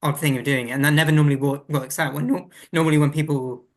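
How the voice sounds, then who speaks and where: A man's voice: a little high, fairly even intonation, quick pace. A Welsh man co-hosting a podcast, thinking aloud in casual chat with frequent restarts. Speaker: guest co-host.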